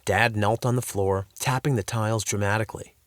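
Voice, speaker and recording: A man's voice: fairly low pitch, fairly even intonation, a little fast, a bit bright, dry recording. A man narrating a children's story in a playful, scripted storybook reading, in a dry close-mic recording.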